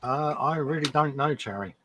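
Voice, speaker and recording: A man guests on a live model-making stream, teasing the host in dry, matey late-night banter, calling people mate and laughing often. His voice is a little high with a sharp tone, at normal speed. There's slight background noise.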